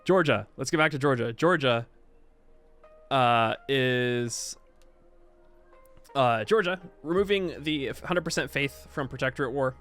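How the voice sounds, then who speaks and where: A male streamer talks through a game update in loose, casual chat, stalling and restarting his sentences and digging in when he insists on a point. His voice sits at an ordinary middle pitch. Quiet music plays faintly under him. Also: unhurried, pauses often. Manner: rambling, stop-start, reacts to chat, insistent. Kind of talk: casual livestream patch review.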